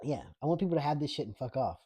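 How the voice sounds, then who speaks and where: Rapid-fire and mellow with a breathy edge, the host's fairly high voice has lively intonation. He reads live chat during a casual political rant, laughing often, swearing, and rambling through fillers and restarts.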